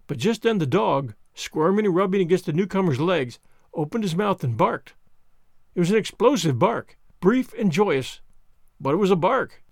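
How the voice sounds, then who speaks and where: A man narrating an audiobook with expressive storytelling. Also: fairly high pitch, moderate pace, dry recording, clean studio sound.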